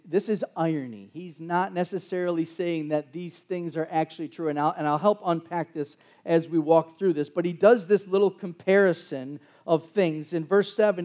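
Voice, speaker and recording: A man's voice: fairly high pitch, mellow. A man preaching a sermon as pastor, conversational, with sarcastic asides and frequent restarts.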